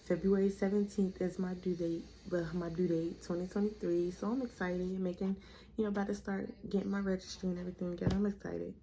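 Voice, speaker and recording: A woman's voice: lowish voice, fast, a little hiss or hum. A young adult woman, casually telling a personal story on her vlog and acting out the people she quotes. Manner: chatty, animated retelling with quoted voices, addresses viewers as y'all. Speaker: vlogger.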